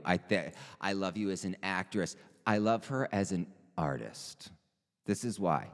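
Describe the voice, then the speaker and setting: A man's voice: low-pitched, unhurried, big-room sound. A man doing a rambling comic stand-up monologue, laughing at his own jokes and slipping into put-on accents. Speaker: stand-up comedian.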